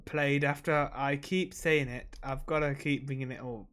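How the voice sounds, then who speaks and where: A man's voice: medium pitch, fairly even intonation, normal speed, fairly bright tone. A man talking to camera in a casual, rambling vlog, emotional and swearing freely while he drinks. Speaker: vlogger.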